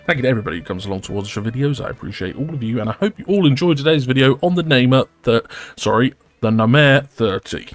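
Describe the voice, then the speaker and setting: A man giving chatty, excitable commentary over his own gameplay as a regular gaming creator, often laughing. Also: medium pitch, fast. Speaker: gaming YouTuber.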